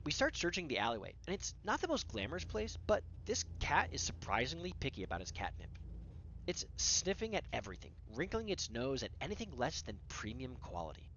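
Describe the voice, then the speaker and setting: Casual storyteller, conversational, very lively, voice swinging high and low, faint noise behind. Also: highs cut off. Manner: animated, conversational, dramatic pauses.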